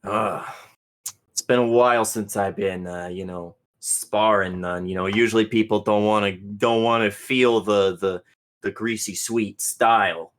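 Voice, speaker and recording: A man voicing a loud, brash male mechanic with a wrench for a hand, talking over everyone in a tabletop game. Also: steady tone, measured pace, close to an everyday voice. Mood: boastful. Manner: booming, pushy, talks loud on purpose.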